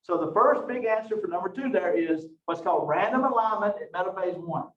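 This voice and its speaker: A man teaching a biology lecture, lively and joking at his own expense, with frequent rhetorical questions. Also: high voice, a little fast. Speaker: biology instructor. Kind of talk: recorded online lecture. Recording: roomy, distant, dull lo-fi mic.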